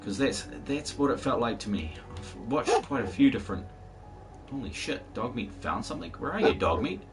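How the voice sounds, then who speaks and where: A man's voice: medium pitch, animated, moderate pace, over loud music. A man live-streaming a game in casual chat, rambling along and talking to his viewers and the game's dog. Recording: distant mic with faint background noise.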